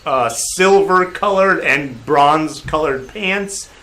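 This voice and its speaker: A man narrating a tabletop game as game master, animated and laughing, breaking into loud crowd voices. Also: on the high side, slow.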